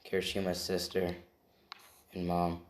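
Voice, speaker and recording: Low-voiced man rambling through a story. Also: completely flat delivery, unhurried, echoey room, slight background noise. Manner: rambling, self-correcting, tells it off the cuff. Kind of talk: improvised fan story narration.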